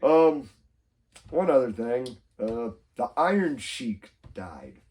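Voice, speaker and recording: A man's voice: medium pitch, sing-song, slow pace, a little mellow. A young man co-hosting a casual podcast chat, rambling, laughing often and acting out quotes in silly voices. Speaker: podcast co-host.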